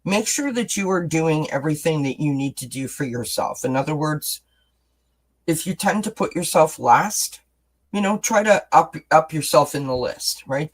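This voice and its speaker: A tarot card reader hosts a casual live-streamed reading. The delivery is chatty and encouraging, warm toward the audience, with self-deprecating asides slipped in between the cards. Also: mid-range voice, husky, poor audio. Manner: chatty, encouraging, responds to chat comments.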